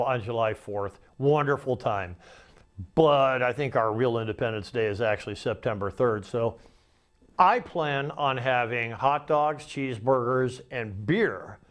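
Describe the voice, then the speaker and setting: A man in his sixties giving a rambling, folksy monologue as the host of his own show, acting out remembered conversations. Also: mid-range voice. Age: 60s. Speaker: podcast host. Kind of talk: casual political monologue.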